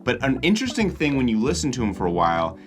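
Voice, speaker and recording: A man's voice: mid-range voice, wildly swooping pitch, quick pace, music in the background. An American man narrating his travel vlog in a casual, curious, blunt way. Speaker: vlogger.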